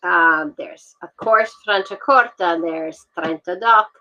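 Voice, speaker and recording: A woman's voice: fairly low pitch, takes it slowly. Woman guest on a dull-sounding video call. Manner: relaxed, enthusiastic, with frequent fillers. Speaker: guest, wine communications expert. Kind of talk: casual interview over video call.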